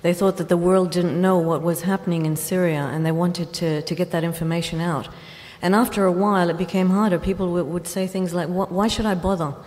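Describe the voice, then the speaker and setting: A woman journalist on a festival panel, recounting her reporting in a measured way with pauses. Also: lowish voice, level tone, a little mellow. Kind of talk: panel discussion. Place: large festival hall. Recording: long reverb of a festival hall.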